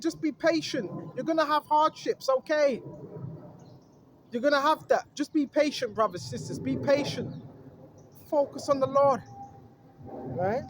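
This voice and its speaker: High-voiced man preaching outdoors. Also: background noise. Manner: exhorting, reads scripture aloud then riffs on it; calls out to listeners, chuckles often. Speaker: street preacher.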